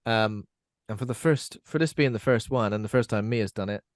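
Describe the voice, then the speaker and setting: A man's voice: on the low side, fairly quick, no room sound, clean studio sound. A man hosting a podcast, chatting casually about a horror film and asking his co-hosts questions. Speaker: podcast host.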